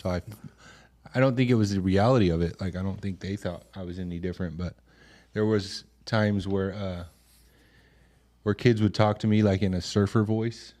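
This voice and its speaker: A man with a lowish voice co-hosts a podcast and asks questions in an unhurried, friendly manner. He often answers with a casual "yeah.". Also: steady tone, mellow. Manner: easygoing, asks questions, frequent "yeah" backchannels. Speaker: podcast co-host. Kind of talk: casual interview conversation.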